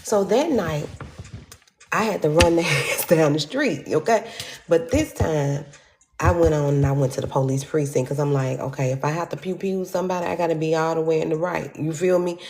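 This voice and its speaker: A woman telling a story in an animated, profane way, acting out quotes with sudden jumps in pitch. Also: normal speed, a little hiss or hum. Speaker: storyteller vlogger.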